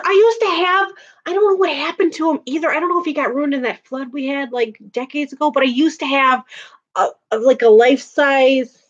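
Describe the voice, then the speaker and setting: A woman in her thirties chatting casually on a livestream, laughing often and answering viewers' comments. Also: a little high. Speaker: livestream host. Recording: dull lo-fi audio.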